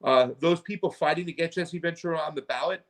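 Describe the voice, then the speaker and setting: A chatty man calls in to a live show. His voice is high-pitched and he talks casually, with a loose, friendly flow. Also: brisk, fairly bright tone. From California. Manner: chatty, with repeated "you know what I'm saying". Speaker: caller. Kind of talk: casual phone-in chat.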